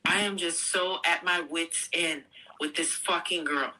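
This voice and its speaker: A woman's voice: fairly low pitch, fairly even intonation, unhurried, bright, forceful tone, poor audio. A woman venting in exasperation, swearing heavily.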